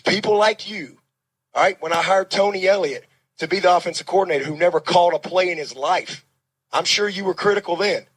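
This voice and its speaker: A man with a high, husky voice answers a press conference question as a football coach. He is defensive and combative and keeps circling back to the same points. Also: fairly bright tone, poor audio. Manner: defensive, combative, repeating himself.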